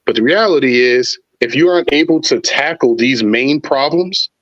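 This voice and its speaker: A man chatting casually as a podcast guest, relaxed and slangy, talking up his show with enthusiasm. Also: mid-range voice, normal speed, muffled recording. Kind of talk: casual chat.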